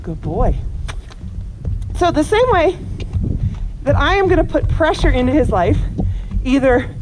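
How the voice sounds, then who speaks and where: At a camp's outdoor horse pen, a woman horse trainer gives a live teaching demonstration, explaining her method and coaxing the horse between points. Her voice is high-pitched and animated at a normal speed, and the outdoor recording is noisy.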